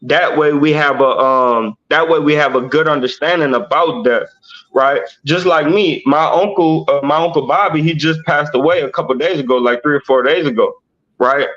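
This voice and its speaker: A man leading a Bible study livestream, explaining slowly and checking in with "right?" after nearly every point. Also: a little high, a bit bright, lo-fi sound. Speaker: teacher.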